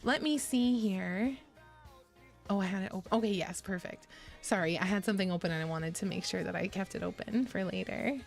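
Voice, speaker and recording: Woman streamer, casual rambling chat, giggly, mid-pitched voice, faint music underneath. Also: fairly quick, creaky. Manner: rambling, giggly, self-deprecating. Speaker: VTuber streamer.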